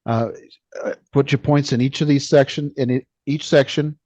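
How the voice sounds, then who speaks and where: A man co-hosting a business podcast, talking casually and haltingly, often restarting his sentences. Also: medium pitch, fairly even intonation, a little mellow, no room sound. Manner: halting, many restarts and fillers. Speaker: podcast co-host. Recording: slightly dull lo-fi sound.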